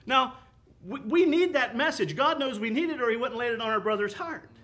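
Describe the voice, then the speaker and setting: A man's voice: extremely high pitch, lively intonation, fairly quick, bright, forceful tone. A man preaching a sermon with an impassioned, rising and falling cadence, quoting scripture.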